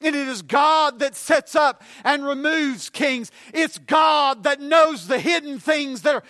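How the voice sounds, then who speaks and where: A man preaching a sermon, building his points with repetition and rising to shouts on key lines. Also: very high-pitched, a little slow, no room sound.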